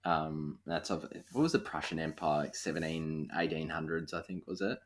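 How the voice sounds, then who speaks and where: A young Australian man hosts a relaxed interview, talking through his thoughts with plenty of fillers. His voice is very deep. He sounds thoughtful and easygoing. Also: moderate pace. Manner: thoughtful, conversational, many fillers. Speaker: podcast host. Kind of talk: casual interview conversation.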